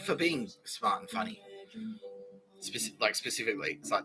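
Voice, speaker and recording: A man's voice: on the low side, animated, moderate pace, pauses often, low-quality recording. A man hosting a podcast in a rambling, profane, jokey comedic monologue. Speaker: podcast host. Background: faint background music.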